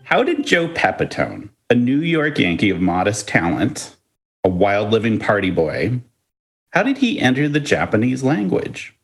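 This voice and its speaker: A man co-hosting a podcast, chatting casually and telling stories in a playful, lively way with chuckles. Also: fairly low pitch, normal speed, gravelly. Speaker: podcast co-host.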